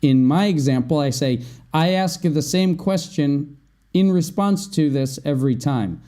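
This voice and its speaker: A man's voice: on the high side, mellow. A man hosting an English-learning podcast, going through vocabulary words and often checking in with "right?". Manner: explains slowly, often asks "right?". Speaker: English teacher, podcast host. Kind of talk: vocabulary lesson.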